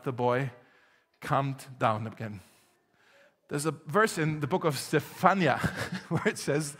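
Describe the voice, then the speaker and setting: A man's voice: medium pitch, a bit bright, big-room sound. A man preaching a sermon as pastor, telling stories conversationally and building to emphatic appeals. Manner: storytelling, conversational with laughs, rising to emphatic exhortation. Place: church hall.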